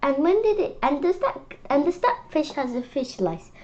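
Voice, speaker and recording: A woman reading children's picture books aloud, lively and expressive, with stumbles and restarts. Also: sits high, normal speed, highs cut off. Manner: expressive, loud character voices, stumbles and restarts. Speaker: storyteller.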